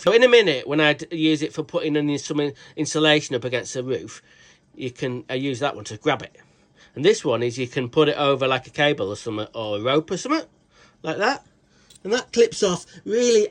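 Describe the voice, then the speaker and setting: British male tool reviewer, slightly high voice, rambling, cheeky, swears freely. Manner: rambling, swears a lot, restarts sentences; cheeky, jokey asides. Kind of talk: casual product review vlog.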